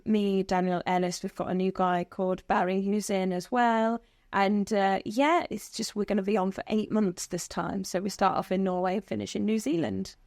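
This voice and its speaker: A chatty British woman talks casually in a dry, close studio sound. She rambles along and laughs often, with a mid-pitched voice. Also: a little mellow, no room sound. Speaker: guest singer. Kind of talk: casual interview chat.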